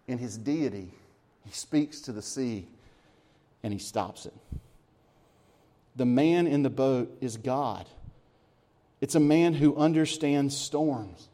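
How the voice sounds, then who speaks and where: A man preaching a sermon, swinging between lively emphasis and hushed, quiet moments, with chuckles between points. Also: medium pitch. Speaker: pastor.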